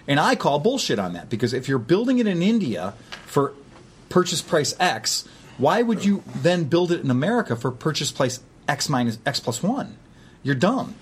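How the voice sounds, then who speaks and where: Male podcast host with a husky voice and animated delivery, casual and profane. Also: fairly high pitch, moderate pace. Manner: animated storyteller, swears freely. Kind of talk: casual chat.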